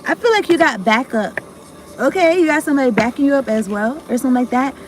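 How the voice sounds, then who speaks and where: A woman's voice: sits high, fast. A woman giving a casual tarot reading to her viewers, rambling, cutting herself off mid-thought and talking in slang with some swearing. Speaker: tarot card reader.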